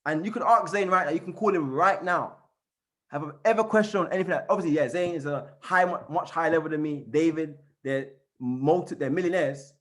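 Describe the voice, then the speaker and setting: A man giving an energetic motivational training on a call, repeating and chanting phrases as he coaches his team. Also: a little high. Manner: fired-up, repetitive, chanting phrases. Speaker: network marketing trainer. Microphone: call recording.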